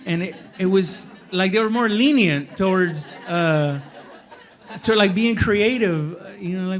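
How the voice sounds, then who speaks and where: A man's voice: high-pitched, unhurried, crowd noise. A male comedian on a panel, telling self-deprecating stories in a laid-back way. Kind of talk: panel discussion.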